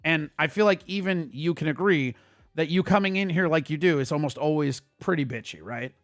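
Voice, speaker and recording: A man hosting a casual livestream, ranting at his chat in a quick, profane and heated way. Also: a little high, no echo, studio quality. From Italian heritage. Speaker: streamer host.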